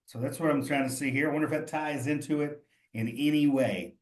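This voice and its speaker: This man, a cheese instructor, leads a live study session in a slightly high voice with fairly even intonation and a brisk pace. He thinks aloud and speaks chattily and encouragingly to his students, with a roomy echo in the recording.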